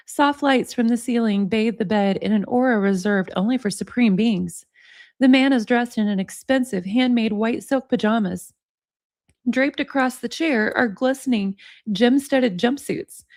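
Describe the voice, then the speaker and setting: A woman's voice: fairly high pitch, normal speed, darkish tone, no room sound, clean studio sound. A woman hosting a livestream, reading a book aloud expressively, with chatty asides to her viewers. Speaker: livestream host. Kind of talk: book reading with casual chat.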